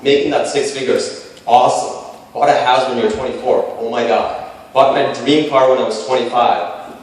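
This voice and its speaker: A man in his late twenties telling a personal story to a panel, animated and self-deprecating, with punchy repeated phrases. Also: mid-range voice. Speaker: speaker pitching to a panel. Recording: echoey hall, voice from far off.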